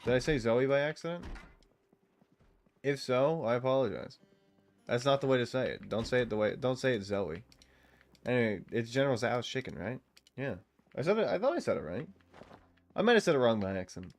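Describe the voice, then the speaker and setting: A man streams a game while chatting loosely with viewers, talking fairly quickly at mid pitch with lively intonation and long pauses. It's casual live-stream talk, full of banter with chat and frequent swearing.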